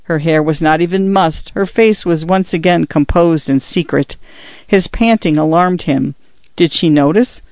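A man narrates a tense literary story in a measured, dramatic way. His voice sits fairly high for a man. The recording is dry and close, with a slightly muffled, dull tone. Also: a little mellow, no room sound. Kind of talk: audiobook narration.

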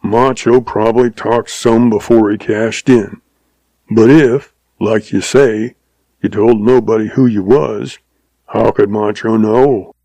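A man's voice: on the low side, steady tone, slow, gravelly, dark tone, dry recording, heavily acted, poor audio. A man voicing a grumpy, irritable old one-legged rancher who growls and snaps his words in a western drawl. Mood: gruff. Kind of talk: audiobook character voice.

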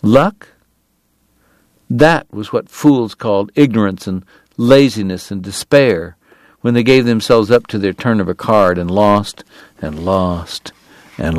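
A man reading a novel aloud in measured, deliberate narration. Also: lowish voice, no room sound. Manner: measured, deliberate, pausing on lists. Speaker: audiobook narrator.

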